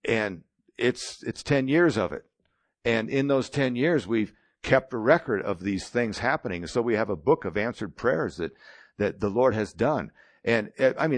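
A man's voice: lowish voice, no echo. A man in his sixties preaching a sermon, telling his own testimony in a plain-spoken, storytelling way.

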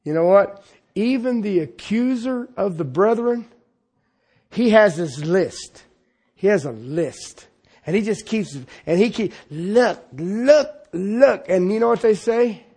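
A man preaching a sermon in a folksy, humorous way, talking straight to his listeners and swinging between loud exclamations and quiet, intimate asides. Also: high-pitched, expressive, measured pace, husky.

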